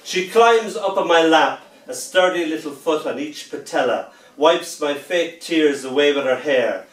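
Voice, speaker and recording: A man reads his poems aloud with a playful, theatrical touch, lingering on words and letting pauses hang. His voice sits fairly high for a man. He sounds some way off from the mic, in a roomy, echoing venue. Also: expressive. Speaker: poet. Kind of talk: poetry reading to an audience. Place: festival venue indoors. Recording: echoey room, mic far off.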